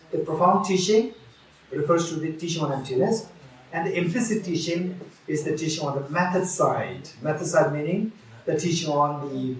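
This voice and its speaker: A man's voice: a little high, very echoey, distant mic, poor audio. A man giving a Buddhist teaching at a retreat, repeating key phrases and restarting often.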